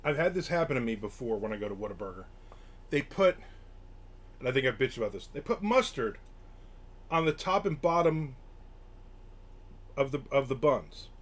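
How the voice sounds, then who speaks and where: A man's voice: medium pitch, big pitch swings, normal speed, long pauses. An older man streaming from home, casually chatting and grumbling through a story while acting out the quotes. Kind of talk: casual chat. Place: home room.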